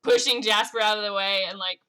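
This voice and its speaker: A woman's voice: mid-range voice, steady tone, fairly quick, pushed and bright, clean tone. A woman player describing her character's actions in a tabletop game. Her delivery is loose and rambling, with frequent "like".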